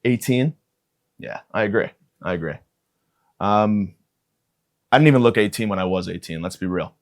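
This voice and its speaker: A man in his thirties hosting a comedy podcast, rambling through a profane solo monologue and jumping into loud excited bits. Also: on the low side, moderate pace. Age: 30s. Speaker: podcast host.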